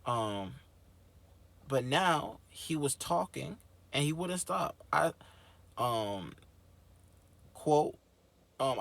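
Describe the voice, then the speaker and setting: A man hosting his own show, reading a book aloud and breaking off into animated, slangy, swearing commentary. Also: mid-range voice, very slow, gravelly, pauses often. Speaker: host.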